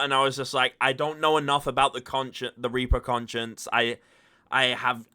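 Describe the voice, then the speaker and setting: A man with a bright, forceful voice talks over a tabletop game session just played. He is chatty and now and then boasts in jest. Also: medium pitch. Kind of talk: casual post-game discussion.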